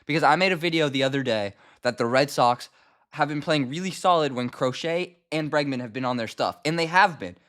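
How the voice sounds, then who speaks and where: Young male fan-channel host, slightly high voice, exasperated, repetitive ranting delivery. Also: a little fast, a bit bright. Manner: exasperated, emphatic, repeats himself. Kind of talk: casual ranting commentary.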